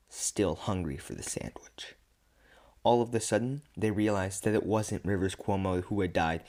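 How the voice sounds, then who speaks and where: A man reading an absurd comic story aloud in a deadpan way, often stumbling and restarting words. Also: sits low.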